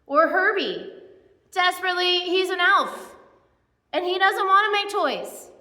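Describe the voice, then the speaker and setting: Chatty high-voiced woman pastor, echoey hall. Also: measured pace, sharp tone. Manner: chatty, self-deprecating, many asides and fillers. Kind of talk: conversational sermon. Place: church. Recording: echoey church hall with long reverb.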